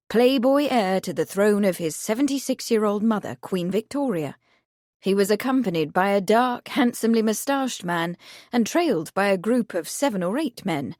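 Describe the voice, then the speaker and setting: A woman narrating a period mystery audiobook in a steady storytelling voice. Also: mid-range voice, no room sound, clean studio sound.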